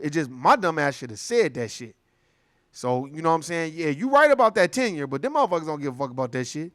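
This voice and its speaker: In a fairly high pitch and at a fast clip, a young adult man commentates with no echo at studio quality. He tells stories in a loose, profane monologue, animatedly voicing the other people in them.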